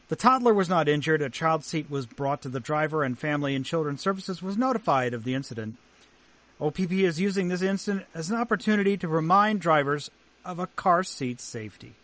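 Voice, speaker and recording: A man's voice: on the high side, fairly bright tone. A man co-hosting a podcast, reading out news items with wry asides and chatting casually. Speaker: podcast co-host.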